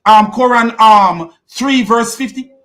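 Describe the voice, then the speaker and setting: A man with a high voice argues hard in a heated religious debate. He presses the same question again and again and talks right over the other man. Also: slow, a bit bright. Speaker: channel host debating a caller.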